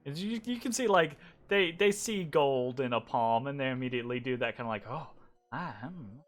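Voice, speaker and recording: A young man narrating as game master, animated and chatty with many fillers. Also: medium pitch, fairly quick. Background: faint background music.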